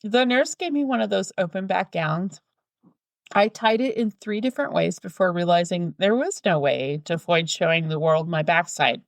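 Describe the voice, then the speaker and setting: A woman's voice: lowish voice, normal speed, creaky, no room sound. A woman co-hosting a podcast, chatting casually and reading listener mail aloud with playful asides. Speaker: podcast co-host.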